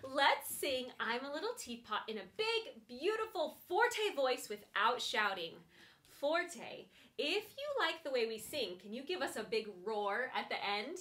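A young adult woman hosting a preschool music lesson, gentle and sing-song as she addresses toddlers. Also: high-pitched, big pitch swings, unhurried. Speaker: children's music teacher.

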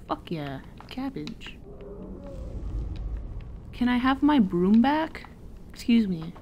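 A woman's voice: fairly high pitch, sing-song, slow pace, pauses often, darkish tone, slight background noise. A woman streamer giving casual, playful commentary while playing a game, giggling and swearing freely. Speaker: gameplay streamer.

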